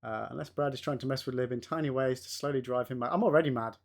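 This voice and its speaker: A man's voice: mid-range voice, fast talker, vocal fry. A young man streaming a game live, swearing freely and bantering with his chat between fights. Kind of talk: casual live commentary while playing and reading chat.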